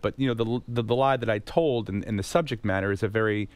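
A man, a comedian guest on a radio show, speaking haltingly and earnestly, repeating words. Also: on the low side, no room sound. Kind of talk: radio interview.

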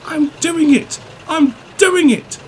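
A man's voice: a little high, wildly swooping pitch, moderate pace, slight background noise, voice pushed up. A man voicing an earnest, easily flustered diesel engine in a slightly raised voice, with music behind.

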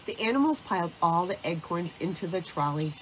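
A woman narrating a children's storybook, reading in a slow, deliberate way. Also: on the low side, expressive, a little hiss or hum.

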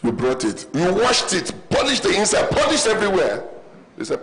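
Man, pastor, lively preaching, swings high and low, church sermon. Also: moderate pace, slight background noise, low-quality recording. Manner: animated preaching with humorous stories and call-and-response. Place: church auditorium.

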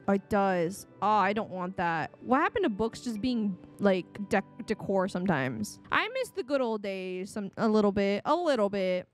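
A woman streaming a life-sim game, chatting excitably with frequent gasps and laughs. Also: mid-range voice. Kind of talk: casual gameplay commentary.

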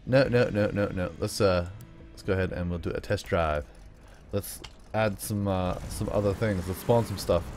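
A young man chatting through his own gameplay in an upbeat manner, breaking into whoops and yells when the fighting starts. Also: lowish voice, background noise. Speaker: gaming YouTuber. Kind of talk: let's play commentary.

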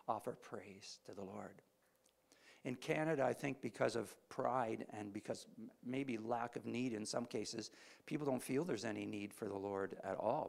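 A man preaching a sermon, retelling a scripture story with animated, swelling emphasis. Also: lowish voice, gravelly.

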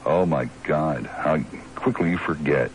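A man hosting a call-in radio talk show, teasing callers and jumping around in pitch as he talks. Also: measured pace, slight background noise, poor audio. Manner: lively, teasing, jumps in pitch.

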